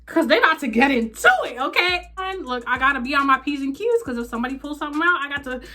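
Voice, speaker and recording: A young woman casually telling a story to her vlog audience, animated, acting out the people in it. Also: high-pitched, quick pace. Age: young adult. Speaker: vlogger.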